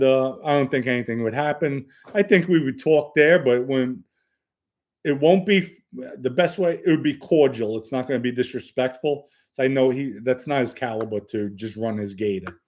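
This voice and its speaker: A man's voice: medium pitch, moderate pace, a little mellow. Blunt New man chatting live. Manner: blunt, matter-of-fact, reads chat comments aloud. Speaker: host answering viewer questions. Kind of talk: casual live-stream chat.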